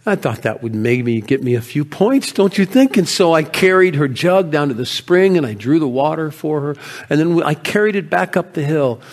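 An actor playing a grieving, proud male shepherd of ancient Bethlehem in a first-person monologue, telling his story with feeling and often dropping to hushed tones. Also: a little high, expressive, moderate pace. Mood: earnest.

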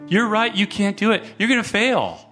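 High, bright-voiced preacher man. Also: moderate pace, soft background music. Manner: lively, acts out quoted voices, stutters and restarts. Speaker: guest pastor. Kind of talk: sermon.

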